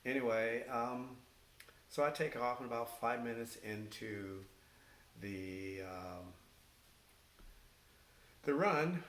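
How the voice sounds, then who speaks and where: A middle-aged or older man, a former firefighter, recounting his career in oral-history storytelling. He speaks haltingly, with many fillers and restarts. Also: medium pitch. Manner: halting, with many fillers and restarts, animated when quoting others. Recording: echoey room with faint hiss.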